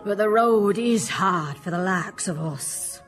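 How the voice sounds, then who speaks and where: A woman voicing a stoic working-class wife in a radio sketch, speaking in a slow, solemn way. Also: medium pitch, animated, soft background music. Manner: slow, solemn, plodding delivery.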